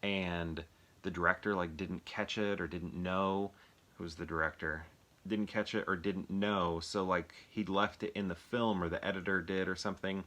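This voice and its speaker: A man's voice: low voice, fairly even intonation, normal speed, fairly bright tone. An American man chatting casually on his own, rambling and thinking aloud while asking the viewers questions. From United States. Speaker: movie collector reviewing films. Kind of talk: casual solo video chat.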